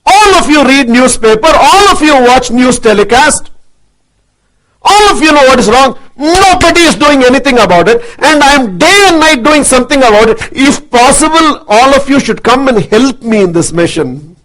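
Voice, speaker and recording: A man giving an impassioned, forceful speech to an audience, intense and repetitive in his rhetoric. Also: very high voice, lively intonation, normal speed, poor audio. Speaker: motivational speaker.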